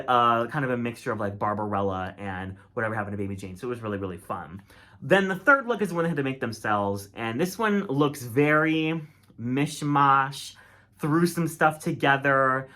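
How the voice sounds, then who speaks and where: A man's voice: mid-range voice, sharp tone. Chatty opinionated man reviewing drag. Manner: chatty, opinionated, filler-heavy with "like". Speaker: drag race commentator. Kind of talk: casual critique monologue.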